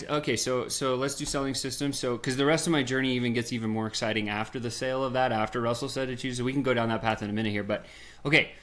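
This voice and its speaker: A man who is a sales strategist, guesting on a podcast and talking in an energetic, punchy way full of rhetorical questions. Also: medium pitch. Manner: animated, acts out little scenes in voices. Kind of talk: energetic storytelling.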